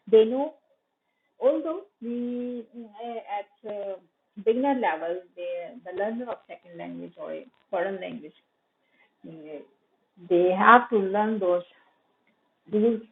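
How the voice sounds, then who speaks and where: A woman from Pakistan with a Pakistani English accent, giving a recorded university lecture, explaining terms, repeating them and correcting herself with fillers. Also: mid-range voice. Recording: tinny phone-like audio.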